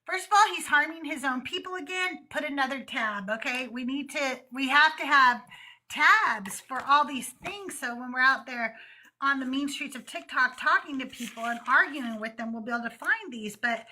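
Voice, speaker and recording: A woman's voice: high-pitched, normal speed, pushed and bright, a little hiss or hum. A young woman hosting a live stream, reading scripture aloud and breaking off with laughing, sarcastic asides. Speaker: host of a call-in show.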